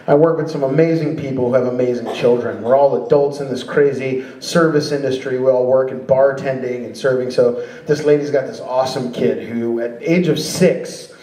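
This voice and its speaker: A man doing a stand-up comedy set, telling animated, profane stories that burst into shouting. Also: medium pitch, normal speed. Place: comedy club stage with a laughing audience. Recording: roomy live club recording from a distance.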